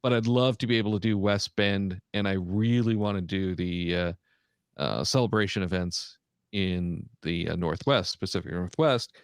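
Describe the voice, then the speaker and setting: A man co-hosting a casual podcast chat, reading through a list with frequent pauses and fillers. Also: low voice, clear, resonant tone, no echo, studio quality. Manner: halting, many "uh" fillers while reading out a list. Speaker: podcast co-host.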